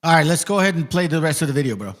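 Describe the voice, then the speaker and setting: A man hosting a casual chat who reacts to a video with quick, profane banter. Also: fairly high pitch, expressive.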